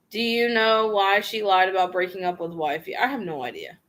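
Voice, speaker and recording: A woman's voice: mid-range voice, fairly quick, hardly any pauses, a bit bright. A woman vlogger casually reading out viewer questions and answering them frankly in a chatty, slangy way. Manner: reads viewer questions aloud and answers offhand. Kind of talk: casual livestream Q&A.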